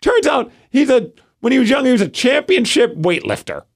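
A man's voice: extremely high pitch, sing-song, normal speed, vocal fry, dry recording, studio quality. A man in his thirties co-hosting a casual podcast, telling stories animatedly with lots of filler "like". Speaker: podcast co-host. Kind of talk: casual chat.

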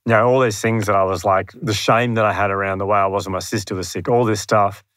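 An Australian man speaking as a podcast guest, his voice sitting low with a very dry, close sound. He tells his story earnestly and pokes fun at himself, often acting out his past thoughts. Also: fairly even intonation, quick pace, fairly bright tone, no room sound. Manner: earnest, self-deprecating, acts out his own past thoughts. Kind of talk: candid storytelling in conversation. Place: room near his home.

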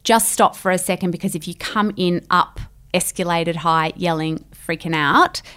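Middle-aged woman, parenting expert guest on a podcast; animated delivery that jumps into acted voices. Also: fairly low pitch, normal speed, clean tone. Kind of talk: podcast interview.

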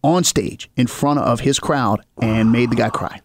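A man with a mid-range voice and unhurried pace co-hosts a podcast in a casual storytelling chat. He tells stories animatedly, acting out the voices of the people in them.

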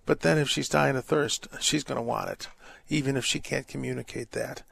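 A man's voice: mid-range voice, steady tone, a little fast, a bit bright. A man, a priest hosting a call-in radio show, giving earnest pastoral advice with jovial asides. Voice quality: gravelly. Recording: dry close studio mic.

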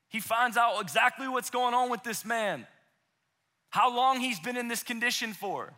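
A man in his thirties preaching a conversational sermon to young adults, acting out quoted voices and dropping to a hushed intensity for emphasis. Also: very high-pitched. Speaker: pastor. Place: church auditorium.

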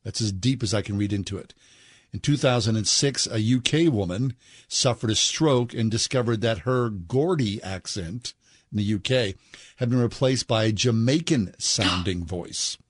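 A man's voice: fairly low pitch, moderate pace, breathy edge, no echo. A man co-hosting a radio show, chatting casually and telling odd news stories. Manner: chatty, relaxed storyteller with frequent "mm-hmm". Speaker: radio co-host.

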